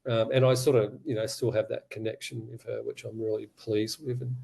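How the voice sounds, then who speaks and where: Mellow-voiced man telling his story. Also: on the low side, little pitch movement, fairly quick, vocal fry, husky. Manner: earnest, candid, retells conversations in quotes. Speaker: podcast guest. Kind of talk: personal storytelling.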